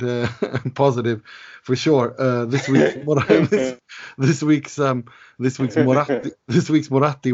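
A man hosting a podcast, relaxed and chatty, with laughing asides. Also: mid-range voice, highs cut off. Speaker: podcast host. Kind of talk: casual chat.

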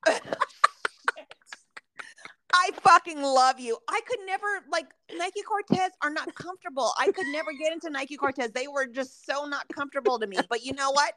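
Bright, blunt, profane middle-aged woman. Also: sits high, moderate pace, no room sound. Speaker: podcast co-host. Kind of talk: casual chat.

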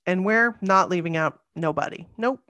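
A woman's voice: on the low side, moderate pace, sharp tone, no room sound, dull audio. A woman co-hosting a podcast in casual chat, tired and rambling, correcting herself as she goes. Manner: chatty, rambling, self-correcting. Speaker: podcast co-host.

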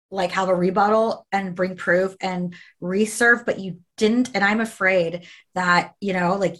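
A woman's voice: mid-range voice, fairly bright tone. A woman in casual conversation who tells a story emphatically, repeating phrases and swearing.

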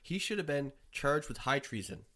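A man's voice: fairly high pitch, lively intonation, moderate pace, fairly bright tone. A man holds forth on a history topic in an informal podcast. He talks bluntly with firm opinions, sometimes stumbling over his words. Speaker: podcast co-host. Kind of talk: casual chat.

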